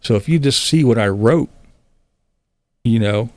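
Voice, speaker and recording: A man's voice: medium pitch, unhurried, darkish tone, dry recording. A middle-aged man hosting a live stream, chatting casually with viewers in a blunt, sarcastic way, swearing and laughing often. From Pennsylvania.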